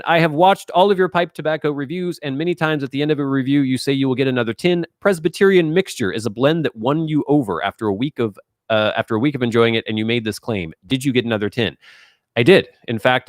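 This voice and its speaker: A man's voice: medium pitch, no echo, studio quality. A young man hosting a casual live stream, chatting as he reads out and answers viewer questions. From US Northwest.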